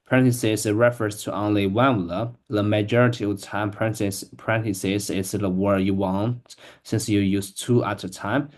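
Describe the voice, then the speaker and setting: A man practicing English reading aloud, speaking in a halting, hesitant way with many restarts. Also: on the low side, steady tone. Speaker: English learner.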